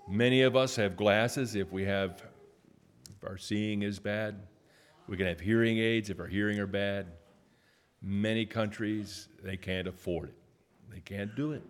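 A man preaching as a guest, halting with fillers and restarts, then reading scripture in loud, stressed phrases for the church to repeat. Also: fairly low pitch. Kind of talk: sermon with call-and-response reading.

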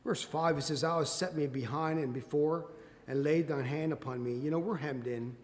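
A man preaching a sermon, quoting scripture in old-fashioned wording and building to loud, emphatic peaks. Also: fairly high pitch, fairly even intonation, normal speed. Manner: quotes scripture in King James wording. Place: church sanctuary. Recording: long hall reverb.

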